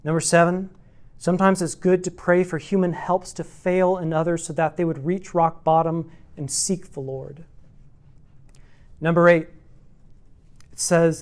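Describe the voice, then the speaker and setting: A man's voice: a little high, little pitch movement, measured pace, pauses often, darkish tone. A man teaching a church class on meditating on scripture, working through numbered points and repeating rhetorical questions. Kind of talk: teaching sermon.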